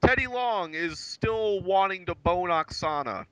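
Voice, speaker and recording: A man's voice: sits high, lively intonation, unhurried, pushed and bright, smooth, dry recording, poor audio. A man co-hosting a casual wrestling recap podcast, crude and joking, mocking what he recaps. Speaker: podcast co-host.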